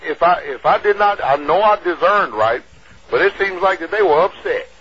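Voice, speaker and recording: A man's voice: high voice, lively intonation, moderate pace, fairly bright tone, slight background noise. A man chatting as a guest on a radio show, eager and stammering as he restarts his sentences. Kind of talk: casual radio talk. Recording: dull lo-fi radio audio.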